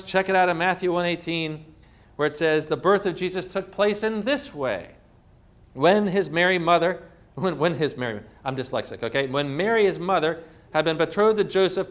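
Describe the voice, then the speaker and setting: A pastor preaches a sermon in a church, his high voice carrying a fairly bright tone. He's emphatic and full of rhetorical questions, recorded on a phone.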